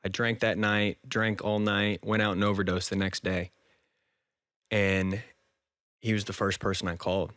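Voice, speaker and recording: A man's voice: on the low side, level tone, moderate pace, a bit bright, no room sound. Earnest young man telling his story. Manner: earnest and emotional, laughs often, says "dude" and "man". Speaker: podcast guest. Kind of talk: casual interview storytelling.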